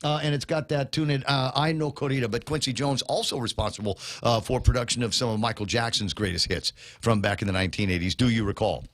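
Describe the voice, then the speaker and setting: A man's voice: mid-range voice, fairly even intonation, fast, few pauses. A middle-aged man hosting a morning radio show, chatting casually, rambling with lots of fillers and restarts.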